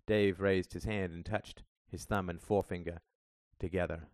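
A man's voice: deep voice, steady tone, normal speed, darkish tone, no echo, clean studio sound. A man reading a novel aloud as an audiobook narrator, in plain storytelling manner. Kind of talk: scripted narration.

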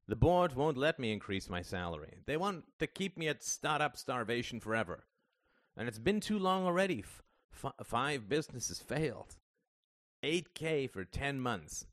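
A man's voice: medium pitch, fairly bright tone, no room sound, clean studio sound, voice pushed up. A man reading the part of a middle-aged father who rambles, wheedles and swears, worried about money.

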